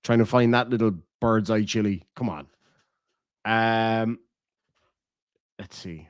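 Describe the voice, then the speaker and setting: A man's voice: fairly low pitch, slow pace, clear, resonant tone, dry recording, clean studio sound. A man with an Irish accent giving profane, mocking reaction commentary on a stream.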